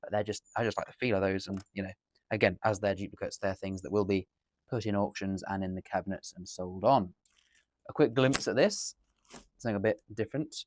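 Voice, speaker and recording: An English dealer talks through a coin unboxing at an indoor table in a fairly low voice, rambling and correcting himself. The recording is dry and studio quality, and it's casual unboxing commentary.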